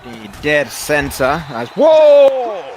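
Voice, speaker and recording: A man's voice: a little high, animated, quick pace, fairly bright tone, some chatter behind. A man doing rambling, self-correcting play-by-play commentary on an esports match.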